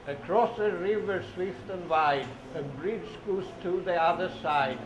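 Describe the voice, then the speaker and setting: A man's voice: high-pitched, a little slow, hardly any pauses. A man reading children's train picture books aloud in a sing-song way, repeating words and getting kids to say the train sounds along with him. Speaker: storybook reader for children. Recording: echoey room, dull lo-fi sound with noise.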